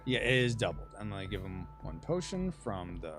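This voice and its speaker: A man's voice: on the low side, very animated, a little fast, music in the background. Chatty man running a board game playtest. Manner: chatty, checks rules aloud, thinks out loud. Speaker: game host. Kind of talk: casual tabletop game playtest.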